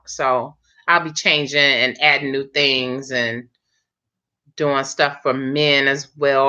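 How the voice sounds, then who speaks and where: A woman's voice: very deep voice, sharp tone. A woman who does hair, hosting a casual live chat and talking straight to her viewers with a chatty, laughing manner. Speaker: live chat host, hairstylist. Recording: dull lo-fi stream audio.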